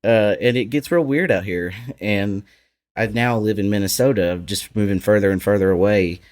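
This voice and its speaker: A man with a low voice and an Appalachian accent speaks as a podcast guest. He talks candidly and thoughtfully about his life, breaking into laughs now and then. The tone stays casual and open. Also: normal speed, a little mellow. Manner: candid, reflective, laughs often.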